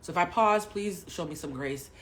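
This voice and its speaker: A woman's voice: fairly low pitch, normal speed, a bit bright. A woman host and journalist speaking candidly on a livestream, emphatic and outspoken, swearing freely and talking straight to her viewers.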